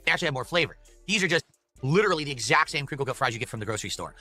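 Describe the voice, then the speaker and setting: A man talks through a fast-food meal in a measured, matter-of-fact review. His voice is very bright and a little high, and his pace is steady. Faint music plays behind him.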